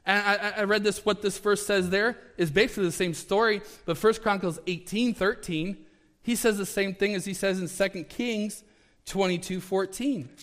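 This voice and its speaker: A man preaching a sermon in a conversational, animated way, acting out the scripture as he reads it. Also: high voice, normal speed. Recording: long hall reverb.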